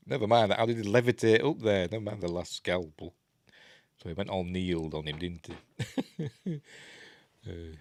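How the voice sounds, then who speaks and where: Yorkshire bloke, really deep voice, rambling jokey film commentary, dry close sound. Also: male voice, normal speed, long pauses, dry recording. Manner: rambling, chatty, jokey asides. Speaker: film reviewer.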